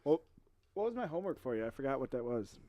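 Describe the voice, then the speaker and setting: A man on a podcast mic with a voice at a middle pitch. He teases his co-host in casual chat, often tossing his partner's words back at him. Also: sing-song, fast, dark tone, dry recording. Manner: teasing, repeats his partner's lines.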